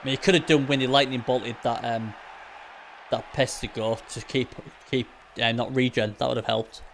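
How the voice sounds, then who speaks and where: A man's voice: medium pitch, steady tone, normal speed, vocal fry, fairly bright tone, slight background noise. Chatty man with a Hull accent. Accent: Hull, Yorkshire. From England. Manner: chatty, rambling, teasing. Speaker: co-commentator. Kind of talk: casual game commentary.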